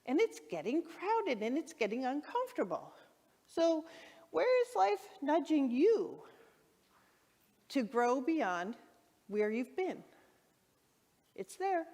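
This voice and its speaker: A woman's voice: high voice, takes it slowly, long pauses. Enthusiastic woman minister, echoing hall. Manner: enthusiastic storytelling, acts out her own excited shouts. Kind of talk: sermon. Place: church hall. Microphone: handheld microphone.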